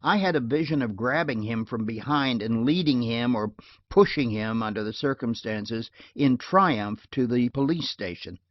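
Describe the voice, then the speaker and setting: A man narrating a detective novel audiobook in a measured, wry storytelling manner. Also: medium pitch, no echo. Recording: dull lo-fi dry recording.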